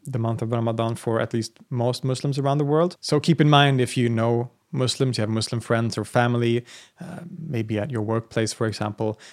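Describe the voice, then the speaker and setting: A man hosting a solo podcast, talking in a gentle, earnest way with some fillers and restarts. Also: medium pitch. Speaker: podcast host. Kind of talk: reflective solo podcast talk.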